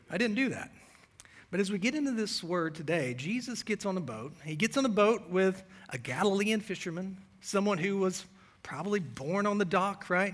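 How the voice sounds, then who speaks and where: A middle-aged man speaks as a pastor in a church sanctuary, his voice sitting a touch high. He preaches in a loose, conversational style, poking gentle fun at himself. He then reads scripture aloud in a steadier voice. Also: lively intonation, normal speed, husky. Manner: conversational, self-deprecating storytelling. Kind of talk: sermon.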